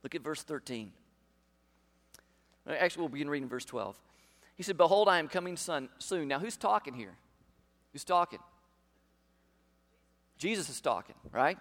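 A man's voice: on the high side, animated, normal speed, long pauses, fairly bright tone. A pastor preaching a sermon to his congregation, emphatic and full of rhetorical questions. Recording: long hall reverb.

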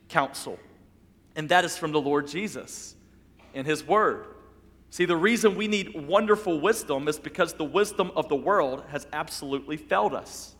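In a big-room setting, a pastor preaches a sermon emphatically and repetitively, sinking into soft, low tones on the key phrases.

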